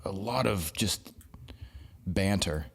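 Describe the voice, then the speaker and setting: A man's voice: low voice, creaky, a bit bright, husky. A man co-hosting a casual podcast, teasing his friend and stumbling over restarts. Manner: teasing, halting, with many restarts. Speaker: podcast co-host. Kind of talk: casual chat.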